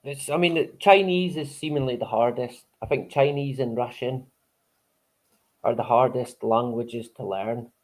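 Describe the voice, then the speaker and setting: A man's voice: mid-range voice, unhurried. A man hosting a live stream in casual chat, rambling, swearing freely and chuckling often.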